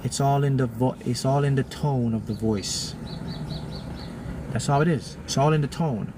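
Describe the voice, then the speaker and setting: A man's voice: animated, a little slow, long pauses, a little hiss or hum. Emphatic man preaching manifesting. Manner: emphatic and repetitive, often jumping to loud, high bursts. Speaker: manifesting teacher. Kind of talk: motivational talk to a live audience.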